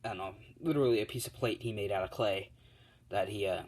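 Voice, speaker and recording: Young guy making up a fan story as he goes, lowish voice, lots of ums and restarts. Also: fast talker. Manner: rambling, many fillers and restarts. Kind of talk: improvised fan story narration.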